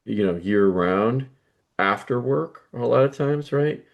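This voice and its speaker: A man's voice: medium pitch, expressive, takes it slowly, gravelly, highs cut off. A man co-hosting a coaching podcast, chatting casually with frequent "you know" and "right" fillers.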